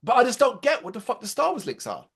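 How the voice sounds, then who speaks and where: A man co-hosting a casual review podcast, talking in an animated, sarcastic way and swearing freely. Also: very high-pitched, fast talker, breathy edge. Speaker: podcast co-host.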